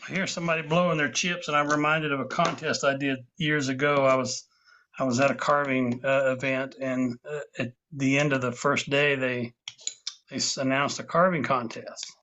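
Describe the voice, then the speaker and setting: A man's voice: medium pitch, fairly even intonation, moderate pace, sharp tone. A man teaching a woodcarving class online, patiently explaining each step as he works, with small asides to his students. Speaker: woodcarving instructor. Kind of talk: live online class demonstration. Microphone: video call. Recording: dull lo-fi video call audio.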